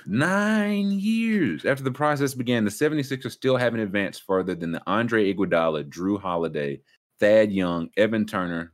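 On a laid-back sports talk show, a low-voiced male podcast host chats casually about sports. His pitch swings widely up and down as he riffs. His delivery is loose and animated, with playful mock voices.

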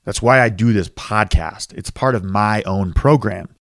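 A man's voice: fairly low pitch, measured pace, no echo, studio quality. A man in his thirties hosting his own recovery podcast, explaining things earnestly and dropping in self-deprecating asides. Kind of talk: solo podcast monologue.

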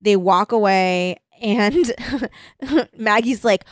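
A young woman co-hosting a casual chat, recapping a book with lively acted-out quotes and frequent laughter. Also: medium pitch, measured pace, no echo, clean studio sound. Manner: animated, giggly, acts out quotes. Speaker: podcast co-host.

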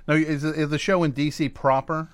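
A man's voice: a little high, level tone, moderate pace, smooth. A man hosting a radio show in a studio, running a casual interview with short backchannels and follow-up questions. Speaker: radio host.

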